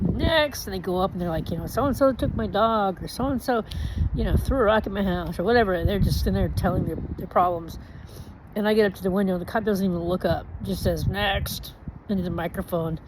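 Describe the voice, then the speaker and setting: A woman's voice: lowish voice, slight background noise, low-quality recording. A woman telling a casual anecdote, acting out the voices of the people in it. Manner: animated, acts out quoted voices. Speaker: storyteller.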